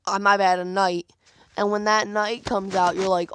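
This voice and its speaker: A man's voice: sits high, moderate pace, fairly bright tone, clear, resonant tone, no room sound. A young man giving casual commentary on his own gameplay, rambling and acting out his own thoughts in quotes with many fillers. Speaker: gaming video creator.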